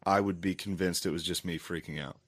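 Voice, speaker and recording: Man, lowish voice, podcast co-host, wry teasing quips. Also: steady tone, brisk, dry recording, clean studio sound. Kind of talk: casual chat.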